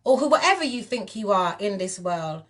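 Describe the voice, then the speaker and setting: A woman's voice: medium pitch, big pitch swings, moderate pace. A woman in her forties from England, speaking in a British accent that slips into Jamaican patois, ranting emphatically and confrontationally on a livestream. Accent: British English mixed with Jamaican patois. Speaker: musician and spiritual wellness figure. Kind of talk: livestream rant.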